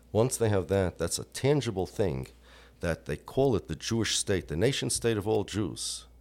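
A middle-aged American man giving an impassioned religious lecture, emphatic and full of rhetorical questions. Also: low-pitched. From United States. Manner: emphatic, with rhetorical questions and Yiddish and Hebrew terms.

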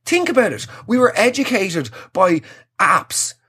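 A man's voice: high-pitched, sing-song, a little slow, fairly bright tone, breathy edge. A young Irish man delivering a rambling, profane comic monologue. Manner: rambling, profane, exaggerated, self-mocking. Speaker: comedian.

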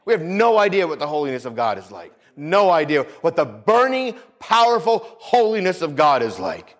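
Male preacher, mid-high voice that swings widely, fervent sermon delivery with amen call-outs. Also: big pitch swings, moderate pace, hardly any pauses.

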